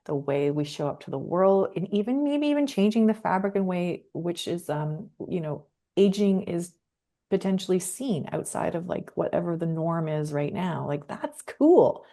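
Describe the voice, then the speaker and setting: A middle-aged woman with a low voice chats as a podcast guest. Her tone is mellow and relaxed, and she sounds expressive and eager, often laughing as she talks. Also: moderate pace, vocal fry. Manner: enthusiastic and expressive, laughs easily. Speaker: podcast guest, creative professional. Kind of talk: casual podcast conversation.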